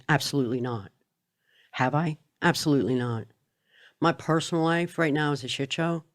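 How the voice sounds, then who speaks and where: Middle-aged woman, podcast guest, candid, blunt, swears freely, conversational storytelling. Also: low-pitched. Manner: blunt and profane, speaks openly.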